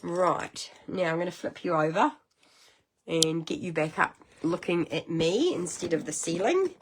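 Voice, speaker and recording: A middle-aged woman with a New Zealand accent hosting a casual card-making livestream, chatty and rambling, with sudden high exclamations. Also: expressive, unhurried, noisy background. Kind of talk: casual craft livestream chat.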